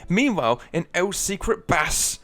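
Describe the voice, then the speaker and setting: A man's voice: sits high, big pitch swings, a little slow, fairly bright tone. A man hosting a radio show, reading out a comic fan fiction with lots of giggling. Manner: giggly, playful storytelling. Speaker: radio host.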